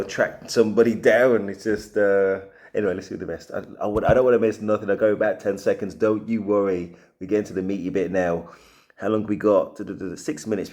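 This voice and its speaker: A man hosting a reaction video, thinking aloud in casual, slangy talk as he pauses a clip. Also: lowish voice, mellow.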